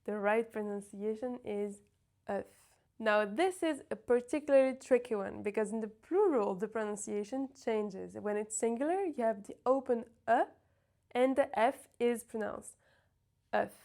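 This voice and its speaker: A woman teaching pronunciation, sounding out words slowly and carefully to demonstrate each sound. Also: a little high, darkish tone. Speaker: French teacher. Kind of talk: pronunciation lesson.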